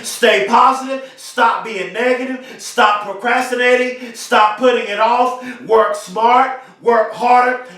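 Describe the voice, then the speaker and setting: A man giving an emphatic motivational speech, repeating slogans and often shouting them. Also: very high-pitched. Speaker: motivational speaker. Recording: very echoey, from far off the mic.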